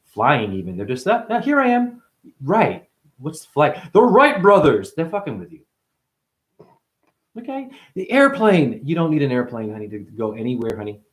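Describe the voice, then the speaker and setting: Swooping wildly in pitch at a moderate pace, a man in chronic pain free-associates through a rambling spiritual monologue. Frequent swearing marks his talk, which swings between loud outbursts and muttering low.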